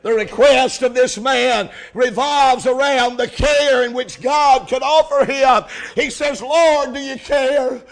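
A man preaching a revival sermon, shouting and rising to impassioned cries. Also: very high-pitched, slow, few pauses.

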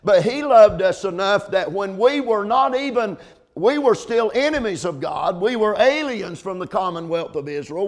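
A middle-aged male pastor preaching a sermon, repeating words, dropping in "amen" often, and slowing down to stress points before rising to loud peaks. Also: high-pitched, expressive.

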